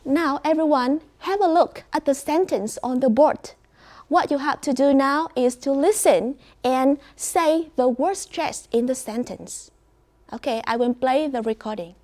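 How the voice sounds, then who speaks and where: A woman with a Vietnamese accent teaches an English class, speaking slowly and clearly as she praises and prompts her students. Her voice is high-pitched with a somewhat dark tone.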